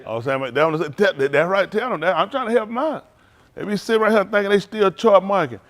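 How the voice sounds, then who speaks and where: A man's voice: high-pitched, expressive, quick pace. A man giving a humorous sermon, joking, laughing often and calling out to the congregation. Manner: joking, laughing often, call-and-response with the audience; colloquial and rambling, with many restarts. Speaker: preacher addressing a congregation.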